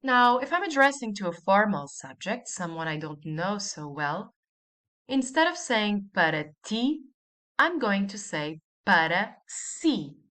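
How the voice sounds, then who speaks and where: Woman teacher for a recorded lesson: unhurried, animated intonation, patient and repetitive. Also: mid-range voice. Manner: patient, repeats each example slowly. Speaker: language teacher.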